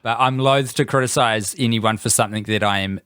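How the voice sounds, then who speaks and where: A man's voice: on the low side, a little fast, fairly bright tone, smooth, dry recording. A man co-hosting a podcast, chatting casually with wry, dry humour. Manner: wry, dryly joking. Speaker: podcast co-host. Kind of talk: casual chat.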